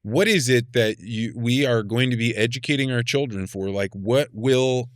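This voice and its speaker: A man hosting a podcast, thinking aloud and posing questions in quick, searching bursts. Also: mid-range voice, no room sound, studio quality. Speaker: podcast host. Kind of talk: casual conversation.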